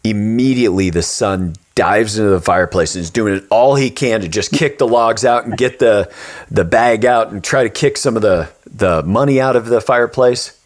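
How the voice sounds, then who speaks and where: A man with a notably low, deep voice hosts a podcast in a relaxed, conversational way. He tells stories with energy, slipping into voices for the characters, then turns earnest as he offers advice. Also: moderate pace. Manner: animated storyteller, acts out the characters. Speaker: podcast host. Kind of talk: casual storytelling chat.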